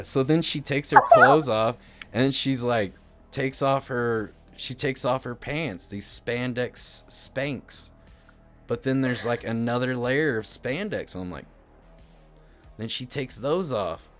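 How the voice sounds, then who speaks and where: A man's voice: medium pitch, huge pitch swings, slow, a bit bright, soft background music. A man telling a rambling, crude story on his live stream, peppered with swearing and filler words. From Indiana, US. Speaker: livestreamer.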